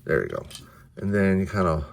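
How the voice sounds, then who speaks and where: A man's voice: sits low, huge pitch swings, fairly quick, vocal fry, a little hiss or hum. A man casually reviewing action figures, rambling with many restarts and the odd curse. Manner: offhand, mildly profane. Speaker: toy reviewer.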